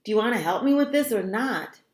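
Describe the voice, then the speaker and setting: A woman's voice: fairly high pitch, animated, a little fast, pitched above the performer's own voice, close to an everyday voice. A woman reading aloud and voicing an offhand young boy who mutters in an unimpressed way. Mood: dismissive. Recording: roomy echo.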